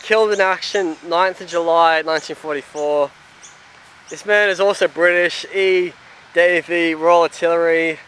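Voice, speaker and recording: A man on a walking tour of a cemetery, reading out names and inscriptions haltingly with many pauses and fillers. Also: a little high, fairly even intonation, fairly bright tone, slight background noise. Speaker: travel vlogger. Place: outdoor cemetery.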